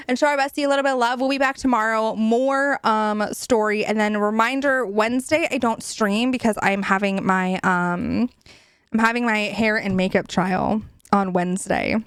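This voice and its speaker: A young woman streaming from home, chatting casually with her chat, giggly, swearing often and animated. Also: a little high, smooth, dry recording. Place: home room.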